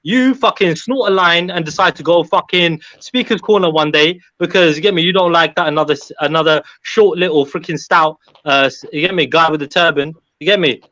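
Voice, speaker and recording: Angry guy cussing someone out, bright sharp voice, dull dry lo-fi line. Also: a little high, no echo. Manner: aggressive, insulting, swears a lot. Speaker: panel caller. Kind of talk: heated live panel argument.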